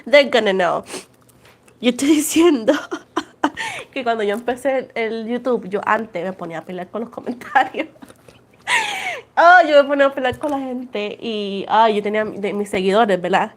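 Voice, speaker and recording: Puerto Rican woman in her twenties, fairly high voice, casual chatty tarot host, laughs often. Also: a little fast. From Puerto Rico. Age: 20s. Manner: laughs often, switches between English and Spanish. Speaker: tarot reader livestream host. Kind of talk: casual livestream chat.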